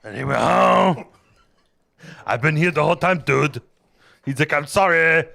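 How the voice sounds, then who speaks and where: Man doing a booming action-star strongman. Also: measured pace, vocal fry, bright, forceful tone, heavily acted. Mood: boastful. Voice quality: impression of a thick-accented action star. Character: burly strongman hero retelling a Bible tale.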